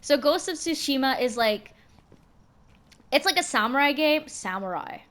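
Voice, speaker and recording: A young adult woman streaming a game and chatting casually, expressive and slangy, swearing freely. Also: high-pitched, moderate pace. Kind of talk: casual chat while gaming.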